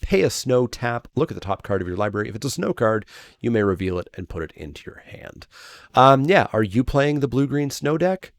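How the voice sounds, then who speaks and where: A man's voice: mid-range voice, sing-song, brisk, no echo. A man reviewing cards in a casual, chatty way, loose with fillers and self-corrections, laughing at his own remarks. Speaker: card game reviewer. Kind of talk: casual draft set review.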